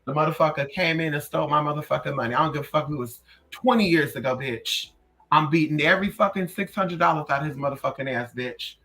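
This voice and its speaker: A young man telling a story in a casual, animated way, sassy and full of profanity. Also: fairly high pitch, fast talker, a little hiss or hum. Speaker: vlogger.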